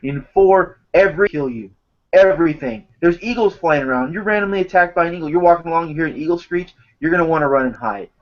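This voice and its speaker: Animated, swearing man on a lo-fi mic. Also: a little high, fast. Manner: animated storyteller, swears a lot. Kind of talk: casual chat. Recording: dull lo-fi recording.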